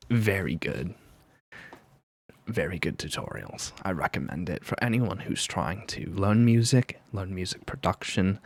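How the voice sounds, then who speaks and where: A man imitating a male tutorial presenter with a foreign-sounding accent, crisp and concise. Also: low-pitched, heavily acted.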